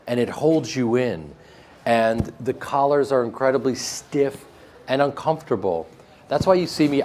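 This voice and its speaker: A man with a flat Midwestern American accent, answering interview questions in a casual, joking way and laughing often. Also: mid-range voice, a little hiss or hum. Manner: animated, joking, laughs often, with frequent restarts. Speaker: actor being interviewed.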